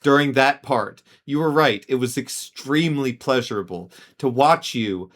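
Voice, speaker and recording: Brief: male host, mid-pitched, laid-back and teasing in casual chat. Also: moderate pace, a bit bright.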